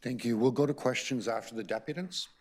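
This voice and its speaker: A man chairing a committee meeting, brisk and procedural as he calls the speakers. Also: medium pitch, slight background noise.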